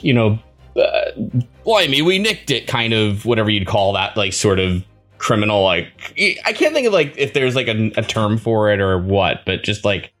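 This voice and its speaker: A man's voice: lowish voice, normal speed, fairly bright tone, soft background music. Rambling man in casual chat. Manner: rambling, many fillers and restarts. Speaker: podcast co-host.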